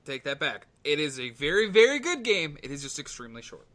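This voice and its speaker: A man's voice: fairly high pitch, big pitch swings, fairly quick, fairly bright tone. A man hosting a casual gaming podcast, laid-back, swearing freely and laughing often. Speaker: podcast host. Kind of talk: casual chat.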